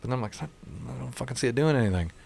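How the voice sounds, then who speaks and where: A man's voice: medium pitch, very fast, gravelly, dry recording. A man telling stories in casual chat, swearing freely and acting out what others said. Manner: profane, animated storytelling with quoted voices. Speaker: storyteller in casual conversation.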